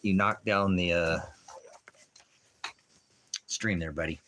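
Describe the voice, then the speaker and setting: A man's voice: low voice, steady tone, slow, bright, forceful tone, a little hiss or hum. A man casually chatting to his dogs, affectionate and goofy, slipping into baby talk. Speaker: dog owner.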